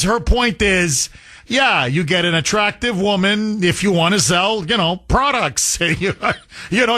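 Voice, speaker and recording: A man hosting a talk radio show, emphatic and excitable, laughing often. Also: sits high, dry recording, clean studio sound.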